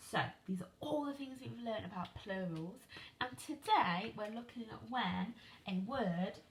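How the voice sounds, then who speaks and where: A woman teaches phonics to young children over video. She speaks slowly and clearly, spells words out letter by letter, and keeps checking in with questions. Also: on the high side, expressive, a little hiss or hum. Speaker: primary school teacher. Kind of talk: online phonics lesson for children.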